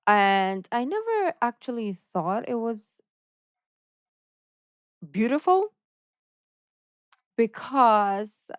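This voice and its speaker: A woman's voice: fairly high pitch, big pitch swings, very slow, pauses often, clean tone, no echo, clean studio sound. A woman from the Philippines hosting a reaction channel, musing aloud in a playful, casual way and talking herself in circles.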